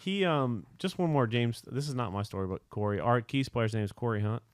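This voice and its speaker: A man's voice: medium pitch, a little fast, smooth, dry recording, clean studio sound. A man hosting a podcast, chatting casually and telling laid-back anecdotes with the odd swear word. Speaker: podcast host.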